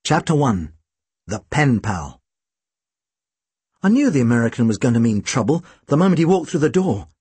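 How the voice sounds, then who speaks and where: A man's voice: medium pitch, big pitch swings, normal speed, long pauses, a little mellow, husky, no room sound. A man reading an audiobook, narrating in a dry, wry storytelling manner. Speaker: audiobook reader.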